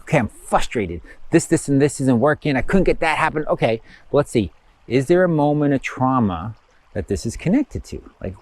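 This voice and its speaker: Man with a lively, wandering pitch. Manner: rambling, acts out inner thoughts in quotes, many fillers. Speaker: spiritual course teacher. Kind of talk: casual spoken lesson.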